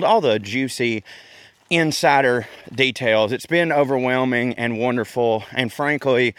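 A Southern US man hosts a casual rant outdoors in a park, chatty and folksy, with frequent laughs. He sounds slightly out of breath and speaks at an average pitch. The recording is dry and close. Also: no room sound. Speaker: podcast host.

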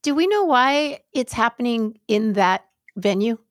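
A woman's voice: a little high, animated, measured pace, dry recording, clean studio sound. A woman hosting a podcast, asking short follow-up questions in casual chat. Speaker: podcast host.

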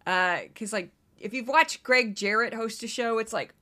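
A woman hosting a podcast in a loose, chatty style. Her voice is bright and forward, and she sprinkles laughs and quick asides between her points. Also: on the high side. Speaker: podcast host. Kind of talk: casual commentary.

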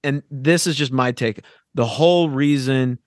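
A man's voice: medium pitch, a little slow, dry recording, studio quality. A man hosting a podcast as a fellow comic artist, talking emphatically and bluntly, with frequent swearing. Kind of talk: casual podcast chat.

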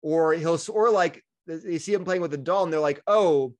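A middle-aged man with a voice sitting somewhat above the usual male range talks through his answer in a lively, conversational way. He often slips into brief acted-out quotes of other people. The tone stays that of an engaged interview guest. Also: on the high side, a little fast. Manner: animated, acts out quoted voices. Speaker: guest speaker.

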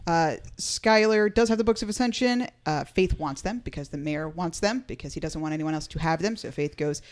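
A woman's voice: low voice, fairly quick, a little mellow. A woman hosting a casual podcast, recapping an episode with playful asides. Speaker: podcast host.

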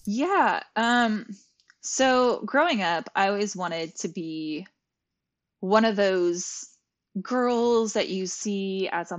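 A young adult woman and yoga teacher, talking as a podcast guest, telling her story candidly with lots of "like". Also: mid-range voice. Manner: candid, frequent "like", acts out her own past thoughts. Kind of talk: conversational storytelling.

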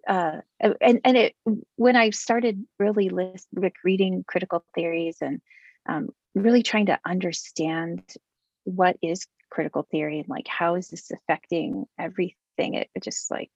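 Middle-aged lady chatting on a video call, raspy and a bit croaky, kinda muffled lo-fi audio, dry sound. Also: fairly low pitch, normal speed, dry recording. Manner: candid, joking, with frequent fillers and laughs. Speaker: interview guest. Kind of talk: casual conversation.

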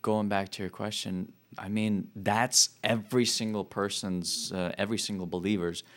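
A man's voice: fairly low pitch, fairly even intonation, normal speed, fairly bright tone. A man speaking as a missionary guest in a casual interview, explaining his faith in an earnest, fervent way.

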